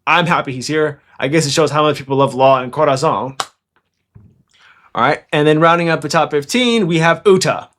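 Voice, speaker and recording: A young man hosting a fan commentary channel, talking fast and excitably in a rambling, casual way. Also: on the high side, slight background noise. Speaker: anime commentary channel host.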